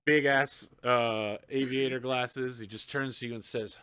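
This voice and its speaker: A man narrating as game master of a tabletop game, relaxed and joking. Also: medium pitch, a little slow, hardly any pauses, clear, resonant tone, no room sound, clean studio sound.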